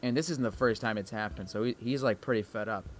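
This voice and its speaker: A young man telling school stories in casual chat, animated and giggly. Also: fairly low pitch, fast talker, slight background noise. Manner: animated, giggly, full of fillers.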